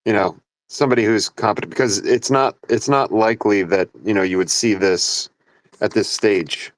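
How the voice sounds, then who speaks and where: Man, lowish voice, dry sound, halting with lots of uhs. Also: fairly even intonation, no echo, rough recording. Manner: hesitant, many fillers. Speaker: participant in an audio chat. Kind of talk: casual chat in an audio room.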